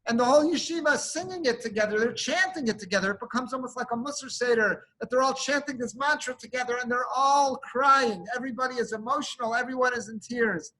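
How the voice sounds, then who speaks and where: A rabbi tells a heartfelt story as a sermon, weaving Hebrew and Yiddish terms into his English. His high voice is bright and forceful, and he speaks fast with few pauses. The recording quality is low.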